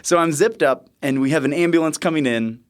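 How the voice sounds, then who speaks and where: A man in his thirties, a podcast host and nurse, telling a story in a lively, chuckling way. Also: on the high side, a little fast, clean tone. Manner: lively, chuckling, animated retelling. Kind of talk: casual storytelling.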